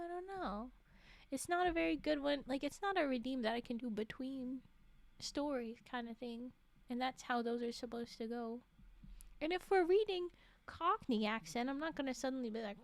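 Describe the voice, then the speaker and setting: A woman livestreamer chatting casually with her viewers in a rambling way, with frequent restarts and quick laughs. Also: sits high. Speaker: livestreamer reading stories. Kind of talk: casual chat with live viewers.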